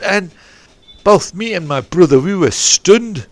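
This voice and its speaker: A man's voice: fairly high pitch, big pitch swings, normal speed, dry recording. A man coaching a sports academy, telling a long meandering story on a podcast with many restarts and digressions. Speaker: football and rugby coach. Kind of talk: rambling anecdotal podcast chat. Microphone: podcast microphone.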